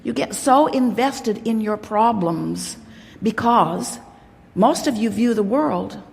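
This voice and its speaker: A woman's voice: mid-range voice, lively intonation, slow pace, gravelly, a little mellow. A woman giving an inspirational workshop talk to a crowd, emphatic and playful, speaking as "we". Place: large hall. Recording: long hall reverb.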